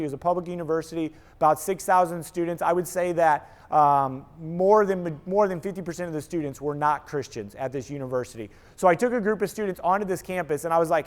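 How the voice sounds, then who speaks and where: High-pitched man giving a lively talk. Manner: animated storytelling, acts out quoted voices. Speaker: speaker, apologetics teacher. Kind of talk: energetic church talk to an audience.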